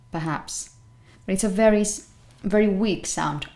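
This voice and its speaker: A woman teaching English pronunciation, saying each word slowly and repeating it with care. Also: medium pitch, a little mellow. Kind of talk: pronunciation lesson.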